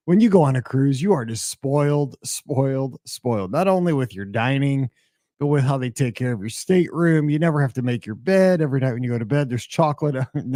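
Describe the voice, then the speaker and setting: A middle-aged man talks alone into a podcast mic, his voice hoarse and worn from a cold and asthma. He rambles in a friendly, chatty way, full of "uh"s and restarts. His tone is dark and mellow, and the recording is dry and close with no room sound. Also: mid-range voice, no echo. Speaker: podcast host. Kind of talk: solo podcast monologue.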